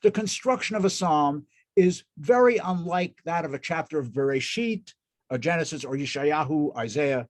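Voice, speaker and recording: A man's voice: a little high, normal speed. A man lecturing as a cantor in an informal talk, enthusiastic and often restarting his sentences. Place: synagogue hall.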